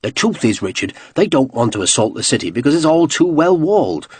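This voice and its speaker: A man's voice: mid-range voice, sing-song, fairly quick, a little mellow, husky, dry recording. A man voicing a tall, fair-haired naval captain with a Devonshire accent, friendly and wry.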